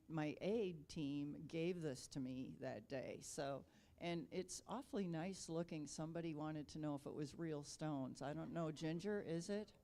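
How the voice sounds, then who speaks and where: A woman's voice: low-pitched, a little mellow. A middle-aged woman from Wisconsin giving a chatty, casual speech to a club, with lots of ums and light self-deprecating humor. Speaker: Rotary district governor.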